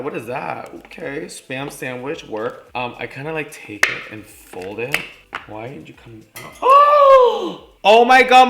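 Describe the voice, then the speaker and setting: A man's voice: mid-range voice, roomy sound, very noisy. A man chatting his way through a cooking vlog in his home kitchen, sassy and profane, saying "like" and "literally" all the time. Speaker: vlogger cooking on camera.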